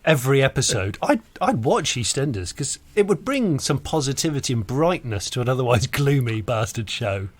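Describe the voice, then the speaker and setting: A man's voice: mid-range voice, very animated, moderate pace, hardly any pauses. Rambling man telling stories. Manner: rambling, playful storytelling. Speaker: podcast co-host. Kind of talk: casual chat.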